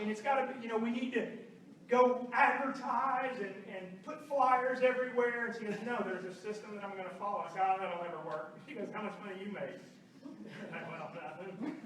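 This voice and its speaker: Man, very high voice, animated storyteller, business meeting talk, distant mic, very echoey room. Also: a little hiss or hum. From Oklahoma. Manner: animated storytelling with acted quotes. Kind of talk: motivational talk to a live room. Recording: roomy far-off hall recording.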